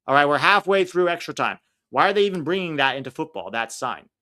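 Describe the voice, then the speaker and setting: Male stream host, casual and opinionated, reacts loudly to the play. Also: on the high side, big pitch swings, fast talker. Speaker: livestream watch-along host. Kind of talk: casual live match commentary.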